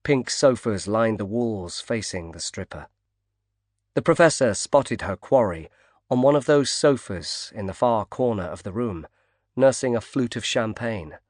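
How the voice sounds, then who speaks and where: A man narrating a thriller audiobook in a steady, measured read. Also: fairly low pitch, dry recording. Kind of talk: scripted narration. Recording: dry close studio sound.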